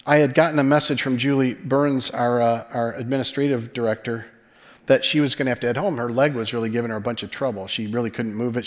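A male pastor preaching a sermon in conversational storytelling style, often dropping to a hushed voice for emphasis. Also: medium pitch. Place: church sanctuary. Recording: long hall reverb.

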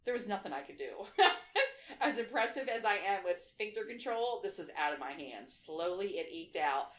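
Woman host in her thirties reading aloud, animated and laughing, bright tone, roomy sound. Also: mid-range voice, normal speed. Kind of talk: reading a funny story aloud. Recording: roomy echo.

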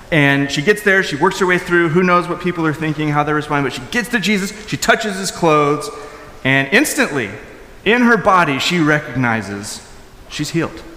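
A male pastor giving a conversational sermon. He talks informally with fillers and restarts, and swings from loud, high emphasis to soft, low asides. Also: slight background noise. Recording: echoey hall with long reverb.

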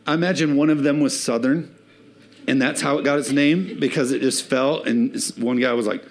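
A man's voice: medium pitch, steady tone, normal speed, a little hiss or hum. A man preaching a sermon to a church congregation in a loose, conversational way, mixing jokes into his message. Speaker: pastor. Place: church sanctuary before a congregation.

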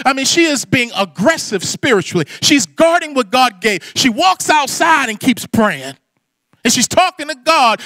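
Man preaching, very high voice, bright, dry close sound, impassioned, hushed prayer to loud exhortation. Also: expressive, moderate pace, dry recording. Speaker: pastor. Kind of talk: sermon.

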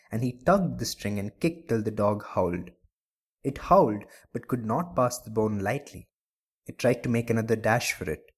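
A male storyteller reading a story aloud in a measured, expressive manner. His voice sits at an ordinary middle pitch. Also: husky.

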